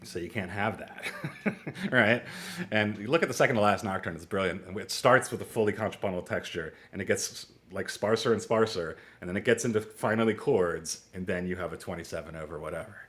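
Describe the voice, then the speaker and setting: A forties-aged man teaches music theory to a small online class in an easygoing, talkative lecture. Prone to digressions, quick asides and laughs, he tells stories and acts out little exchanges with lively jumps in pitch.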